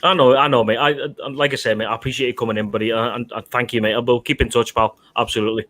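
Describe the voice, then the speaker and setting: A man's voice: mid-range voice, steady tone, quick pace, a bit bright. A man hosting a casual live show who thanks guests effusively, swears freely and calls everyone mate. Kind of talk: casual live-stream chat.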